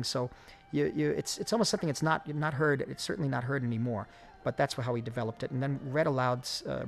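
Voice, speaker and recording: A man giving a film commentary track, talking in halting runs full of fillers and restarts. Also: medium pitch, gravelly. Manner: halting, many fillers, quick bursts.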